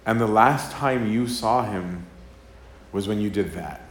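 Male priest, lowish voice, casual sermon delivery, acts out quotes, peppers in "right?", echoey live room. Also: unhurried, slight background noise. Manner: conversational, acts out quoted dialogue, frequent "right?". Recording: roomy live talk with faint ambience.

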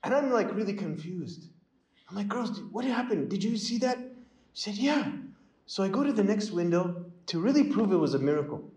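A man's voice: high-pitched, moderate pace, echoey room, poor audio. A man, a priest, telling stories in a sermon, acting out the voices of the people in them. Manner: animated storyteller, acts out voices in dialogue. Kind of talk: storytelling sermon.

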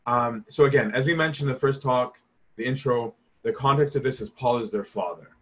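A man's voice: mid-range voice, a little fast. A man teaching scripture in a casual, conversational way, emphatic and informal, often asking "right?". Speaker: Bible teacher.

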